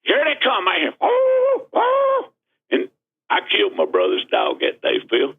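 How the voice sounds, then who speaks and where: Gravelly man telling a story over the phone. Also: medium pitch, a little fast. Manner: rambling, animated, country-spoken. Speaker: caller. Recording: tinny phone line.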